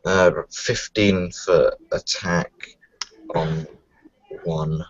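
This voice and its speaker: Deep, slow, unsure male player. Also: steady tone, husky. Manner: unsure, hesitant, thinking aloud. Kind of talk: tabletop game play. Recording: dull lo-fi home recording.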